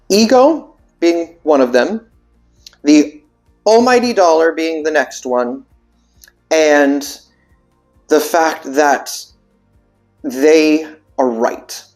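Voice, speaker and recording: A man's voice: a little high, a little mellow. A man who is a vocal coach, explaining techniques in a loose, casual way, full of fillers and restarts as he thinks aloud.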